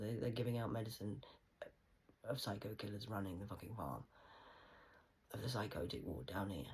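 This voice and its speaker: A woman rambling through a stream-of-consciousness monologue, punning and swearing, swinging between hushed whispers and loud outbursts. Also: very deep voice, rough recording. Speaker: vlogger.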